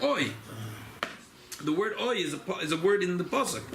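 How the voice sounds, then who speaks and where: A man teaching an informal Torah class as a rabbi, animated and emphatic. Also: moderate pace, vocal fry, long pauses, a little hiss or hum. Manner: animated, rising pitch on emphasis, Yiddish and Hebrew terms mixed in.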